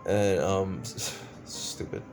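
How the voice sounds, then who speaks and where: A man's voice: deep voice, drawn-out words, a little mellow, faint music behind. Exasperated man ranting a movie review. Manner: exasperated, profane ranting with many fillers. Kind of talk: casual movie review rant.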